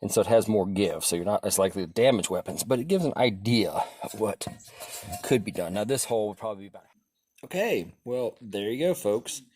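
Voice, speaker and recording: Man chuckling through a casual weapon demo. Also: on the low side. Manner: relaxed, chuckling, thinking aloud. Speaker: video host demonstrating weapons. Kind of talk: casual demonstration commentary. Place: outdoors or in a workshop during a test-cutting session.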